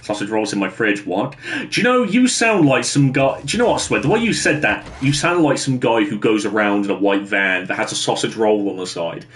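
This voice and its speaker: A man's voice: fairly low pitch, lively intonation, fairly quick, fairly bright tone. A man chatting casually with his viewers while streaming a game from his bedroom, laughing often and bantering with the chat.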